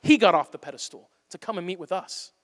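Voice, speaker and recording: A man with a high, bright, ringing voice preaches an impassioned sermon, building to loud pleas and dropping to near-hushed lines. His words carry a long reverb off the walls of a church sanctuary. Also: fast talker. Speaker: pastor.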